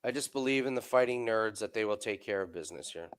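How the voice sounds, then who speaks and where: A man co-hosting a live sports betting stream over a video call, chatty and quick to laugh. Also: lowish voice, clean tone. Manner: laughs often, loose and excited. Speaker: co-host.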